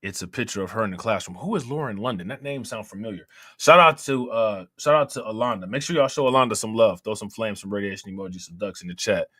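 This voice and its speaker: A man with an Ohio accent runs a casual livestream, talking loosely and laughing often between thoughts. His voice is bright and forceful, recorded dry and close with no room around it. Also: fairly low pitch, fast talker, hardly any pauses, no echo. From Ohio, USA. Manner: loose, conversational, laughs often, keeps asking "you know what I'm saying". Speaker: livestream host reading chat.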